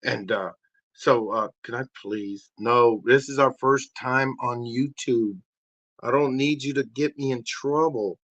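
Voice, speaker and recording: A man hosting a comedy podcast, talking in low, mumbled asides. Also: unhurried, fairly bright tone, no echo, muffled recording. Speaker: podcast host.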